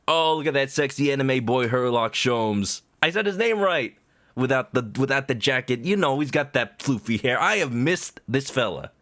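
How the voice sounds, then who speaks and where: A man's voice: medium pitch, expressive, normal speed, fairly bright tone. A young adult man streaming a game, chatting playfully as he reads along. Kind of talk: gameplay commentary.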